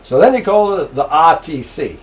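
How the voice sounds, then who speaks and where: This retired railroad engineer, now an older man, is being interviewed and spins lively stories full of laughter. He speaks at a normal speed in a voice that runs a little high.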